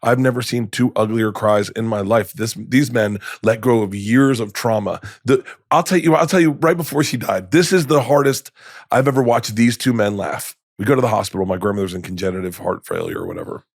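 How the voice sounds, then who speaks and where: A comedian telling animated stories in a podcast interview, acting out relatives in hushed voices. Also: male voice, on the low side, brisk, no echo, clean studio sound. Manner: acts out quoted relatives in hushed voices, laughs while telling. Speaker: comedian guest. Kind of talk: animated storytelling.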